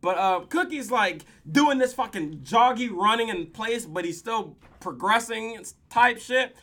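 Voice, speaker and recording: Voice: mid-range voice, lively intonation, a little slow, bright, forceful tone. A podcast host recapping a TV episode in casual, profane slang, telling the story with laughs.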